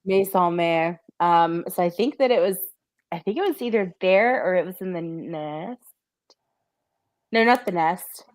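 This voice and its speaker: A woman's voice: on the low side, animated, unhurried, pauses often. A woman co-hosting a podcast in casual chat, rambling and giggling, with lots of "um" and "like". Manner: rambling, giggly, filler-heavy. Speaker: podcast co-host.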